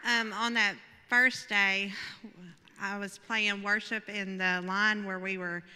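A woman's voice: mid-range voice, little pitch movement, slow pace, bright, forceful tone, in a large hall, a little hiss or hum. A woman who plays worship music thoughtfully sharing a testimony with a congregation.

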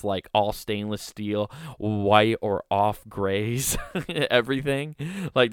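A man's voice: fairly low pitch, a bit bright, smooth, dry recording, clean studio sound. A man hosting a comedy podcast, giving sarcastic, mocking commentary and laughing often.

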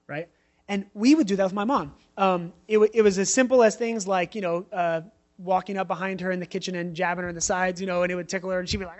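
A man's voice: high voice, steady tone, fast talker. A man in his thirties preaching a sermon in a conversational way, telling personal stories with frequent asides. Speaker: pastor.

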